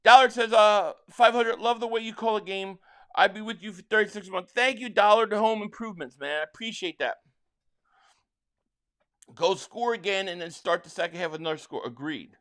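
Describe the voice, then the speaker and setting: Excitedly calling plays during a live football watch-along, a Philadelphia fan hosting the livestream also reads chats from his viewers. He speaks briskly in a high voice and stammers on restarts.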